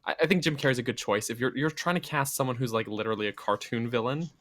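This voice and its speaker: A man's voice: mid-range voice, fast talker, fairly bright tone. A young man co-hosting a casual gaming podcast, laughing often and restarting his words. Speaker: podcast co-host. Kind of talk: casual chat.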